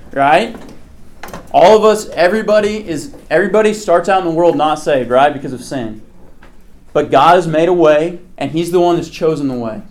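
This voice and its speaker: A man's voice: fairly high pitch, a little mellow. A man leading an interactive Bible lesson for a live group, in a conversational way that keeps checking in with "okay?". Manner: speaks to a live group in the room. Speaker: Bible teacher.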